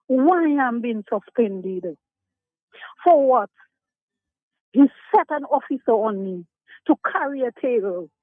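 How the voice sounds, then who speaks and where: A woman's voice: high voice, dry recording. An older woman calls a radio show, talking emotionally and emphatically about her grievances. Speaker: radio caller. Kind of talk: call-in complaint. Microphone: telephone. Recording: tinny dry phone line.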